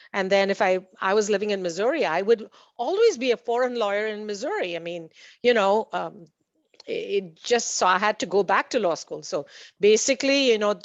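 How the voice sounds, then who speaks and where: A woman's voice: mid-range voice, no echo. A woman on a panel talks through her points in a loose, conversational way, stopping often for fillers and false starts. The recording is dull and dry, with no room sound around her voice. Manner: hesitant, many fillers and restarts, laughs at own anecdotes. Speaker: panelist at a community meeting.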